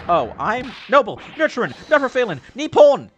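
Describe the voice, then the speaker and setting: A man voicing an eccentric, excitable young male prisoner who bursts into grand, alliterative declarations. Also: very high voice, normal speed, highs cut off, faint music behind, voice pushed up, full character voice. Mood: exultant. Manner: theatrical, alliterative outbursts.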